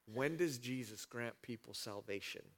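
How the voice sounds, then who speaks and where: Animated preaching man. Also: mid-range voice, moderate pace, slight background noise. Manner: animated preaching, building to emphatic peaks; dramatizes scripture with voiced asides. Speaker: pastor. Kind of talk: sermon.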